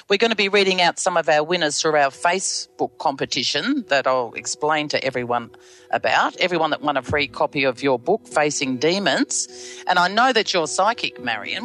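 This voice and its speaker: A woman's voice: fairly low pitch, a bit bright. Gushing female radio host over music. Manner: gushing, encouraging interviewer. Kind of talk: radio talk show hosting. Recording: music playing behind.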